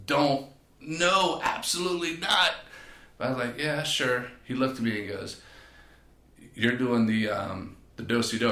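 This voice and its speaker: A man, a podcast guest and personal trainer, telling stories in a casual, animated way and acting out quotes. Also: lowish voice. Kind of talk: casual storytelling. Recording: echoey room.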